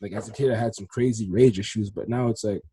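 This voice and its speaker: Fast-talking young man on a dry mic. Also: slightly rough, no room sound. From Congolese heritage. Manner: rambling and animated, slangy, swings from low mutters to loud excited outbursts. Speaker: podcast host. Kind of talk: casual solo podcast storytelling.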